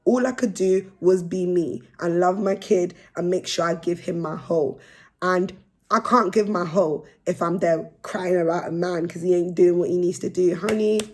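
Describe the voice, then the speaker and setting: A woman's voice: fairly low pitch, moderate pace. A young woman chatting frankly and with energy to her phone camera as a vlogger. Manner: frank, animated, laughs between points. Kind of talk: casual chat to camera.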